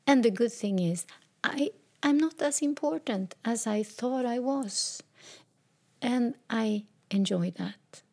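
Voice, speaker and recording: A woman in her fifties giving a slow, reflective personal talk, speaking openly and emotionally. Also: on the high side, a little mellow.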